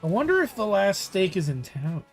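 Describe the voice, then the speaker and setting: A man's voice: high-pitched, very animated, moderate pace, soft background music. A young man casually chatting and joking while streaming a video game, slipping into silly bits. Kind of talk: casual live-stream chat.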